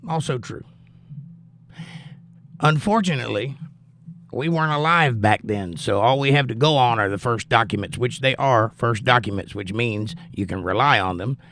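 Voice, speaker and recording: A man's voice: medium pitch, moderate pace, slight background noise. A man hosting a casual livestream, reading viewers' comments aloud and chatting back to them. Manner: chatty, reads comments and answers them warmly. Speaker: livestream host.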